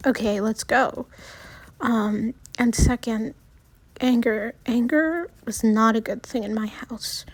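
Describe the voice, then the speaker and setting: A woman talking in a personal video diary with a small, soft voice that often drops near a whisper, halting and restarting as she speaks. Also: mid-range voice, husky, no room sound. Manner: halting, with many pauses and restarts. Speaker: vlogger.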